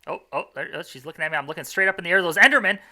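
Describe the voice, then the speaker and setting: A man's voice: sits high, rapid-fire, bright, forceful tone. A young man commentating his own game run in a casual, rambling, self-mocking way, full of fillers and restarts.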